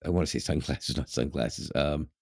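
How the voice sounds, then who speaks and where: Low husky guy rambling on a podcast, laughs a lot, dry close sound. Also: normal speed, darkish tone, no echo. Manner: rambling, laughs often, many fillers and restarts. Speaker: podcast co-host. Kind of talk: casual chat.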